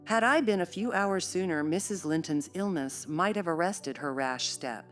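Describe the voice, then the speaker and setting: A woman narrating a classic novel in a measured, steady storytelling voice. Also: lowish voice, faint music behind. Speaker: audiobook narrator.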